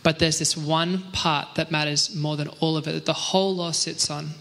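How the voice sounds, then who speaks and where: Guy doing a laid back bible talk, kinda jokey, bright punchy voice. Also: on the high side, moderate pace, gravelly, long reverb tail. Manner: relaxed, joking, reads scripture aloud. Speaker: church teacher. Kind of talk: casual Bible teaching discussion.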